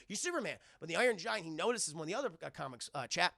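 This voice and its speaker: Give me an animated male streamer with a gravelly voice, recapping a film to chat in a dry room. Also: fairly high pitch, rapid-fire, dry recording. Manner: animated, profane, addresses chat.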